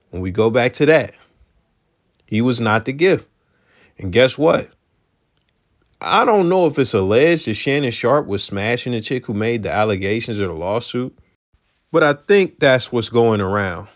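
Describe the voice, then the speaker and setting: A man hosting a podcast, giving blunt, emphatic commentary in a conversational way. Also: medium pitch. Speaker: podcast host. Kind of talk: casual commentary.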